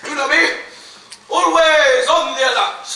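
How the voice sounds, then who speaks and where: A man's voice: very high-pitched, animated, measured pace, pushed and bright, a little hiss or hum, exaggerated voice. A man playing a nosy village busybody who chuckles as he talks, in an amateur stage comedy. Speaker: stage actor. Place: large theatre stage. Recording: echoey theatre stage from far off.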